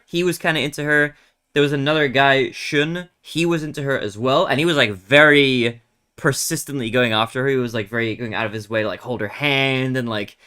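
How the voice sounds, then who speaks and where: A young man, a streamer casually chatting and retelling a reality show in a rambling, animated way with lots of fillers. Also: mid-range voice. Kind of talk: casual chat while gaming.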